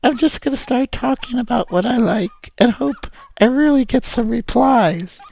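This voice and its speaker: A man playing an overwrought blogger who gushes and cries, his voice pitched up. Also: moderate pace, creaky, a little mellow, dry recording, full character voice. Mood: nervous, excited. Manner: gushing, breathless confessions. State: crying. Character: overwrought gushing blogger, sobbing with love. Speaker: vlogger. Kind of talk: parody response video.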